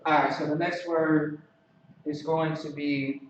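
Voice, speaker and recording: A man teaching a language class in a relaxed, halting way, with many fillers and restarts. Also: fairly high pitch. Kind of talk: casual classroom instruction. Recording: echoey, distant, dull lo-fi recording with some noise.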